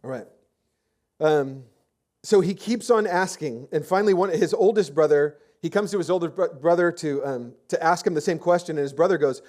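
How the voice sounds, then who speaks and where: Casual chatty preacher man, slightly high voice. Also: moderate pace, a little mellow. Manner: casual, chatty storytelling with many fillers and restarts. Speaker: pastor. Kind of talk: conversational sermon.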